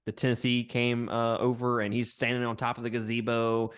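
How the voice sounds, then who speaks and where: A man's voice: mid-range voice, monotone, a little fast, clean tone. A man co-hosting a podcast, chatting bluntly about a film and laughing often. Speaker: podcast co-host. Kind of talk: casual movie review chat.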